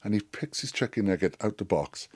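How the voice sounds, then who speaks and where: A man's voice: lowish voice, brisk. A middle-aged man telling a rowdy, sweary anecdote as a podcast guest. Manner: animated, sweary storyteller. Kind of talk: storytelling anecdote.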